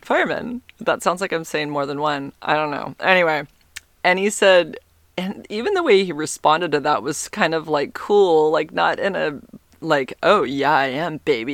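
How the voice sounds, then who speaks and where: A woman's voice: low-pitched, a bit bright, no room sound. Chatty rambling woman telling a dating story. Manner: chatty, rambling, lots of fillers and self-interruptions. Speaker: vlogger. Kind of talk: casual confessional dating story.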